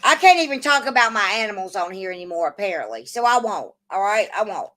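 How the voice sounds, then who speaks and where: A woman's voice: mid-range voice, very animated, fast talker, pushed and bright. A woman hosting a casual livestream, swearing often and arguing back at her chat. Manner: profane, combative, answers chat. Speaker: livestream host.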